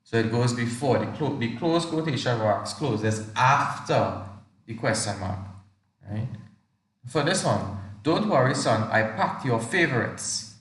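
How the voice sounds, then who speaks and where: A male teacher with a lowish, unhurried voice runs an online exam revision class. He asks students lots of questions and reads sentences aloud to demonstrate intonation, recorded on a distant mic in an echoey room.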